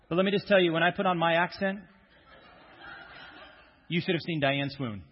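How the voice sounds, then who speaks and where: A man with a fairly high voice preaches as pastor in a church sanctuary, joking with the congregation before he reads scripture. His banter is jokey and self-deprecating, delivered at a moderate pace with frequent pauses. The sound is dull, carrying long hall reverb and a little hiss or hum.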